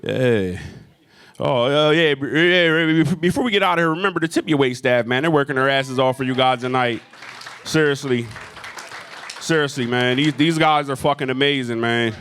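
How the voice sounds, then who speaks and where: A man in the middle of a stand-up set, speaking into a handheld mic in a comedy club. His delivery is profane and animated, drifting from a drug-buying story into jabs at the crowd. His voice sits at an ordinary mid pitch. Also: normal speed.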